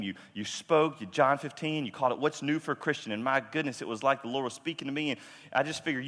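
A man preaches in a relaxed, conversational way, mixing humor into a personal story and voicing the people in it. His voice sits at an ordinary middle pitch. It rings with the long reverb of a large hall. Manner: conversational, self-deprecating, with fillers and quoted dialogue. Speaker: pastor. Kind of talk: sermon storytelling.

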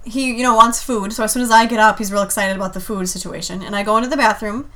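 A woman co-hosting a podcast in casual chat, matter-of-fact and gently correcting her partner. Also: mid-range voice, fairly even intonation, quick pace. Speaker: podcast co-host.

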